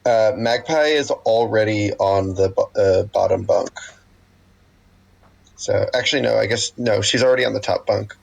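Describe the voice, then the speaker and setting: A man's voice: lowish voice, moderate pace, creaky, poor audio. A man rejoining a tabletop game, casual and a bit hesitant. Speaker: player.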